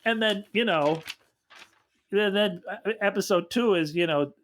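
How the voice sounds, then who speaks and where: A man co-hosting a comedy podcast, giving mocking, animated recaps of a movie's plot. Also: sits high, measured pace, a little hiss or hum. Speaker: co-host.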